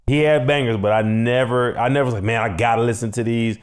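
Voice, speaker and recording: A man's voice: medium pitch, fairly even intonation, quick pace, smooth. A man with a Chicago accent co-hosting a casual podcast, slangy and laid-back, laughing often. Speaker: co-host.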